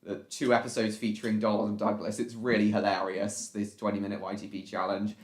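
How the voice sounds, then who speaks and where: A man's voice: lowish voice, level tone, fairly quick. A man hosting a casual reaction live stream, rambling and repeating himself as he greets viewers in the chat. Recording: echoey room.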